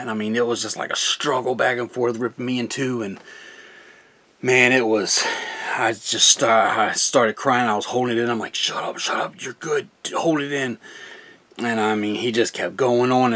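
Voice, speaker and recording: A man's voice: mid-range voice, a bit bright. A young man, a gaming channel host, talking casually and earnestly about his faith, rambling and laughing often. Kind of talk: casual personal testimony.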